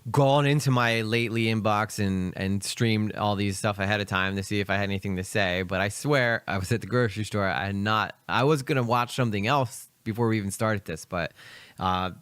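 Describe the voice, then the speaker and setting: A man's voice: lowish voice, a little fast, fairly bright tone, smooth, no room sound. A young man from Philadelphia with a light Philly accent, rambling casually through live reaction commentary. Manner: rambling, chatty, many fillers and asides. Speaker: streamer reacting to videos.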